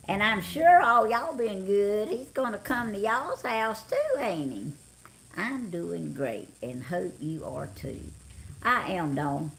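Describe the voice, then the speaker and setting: A woman's voice: medium pitch, sing-song, slow, creaky, long pauses. A middle-aged woman with a Southern US accent, tired and chatting casually on a live stream, greeting viewers by name. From Georgia, US. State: tired, yawning. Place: home, on the couch.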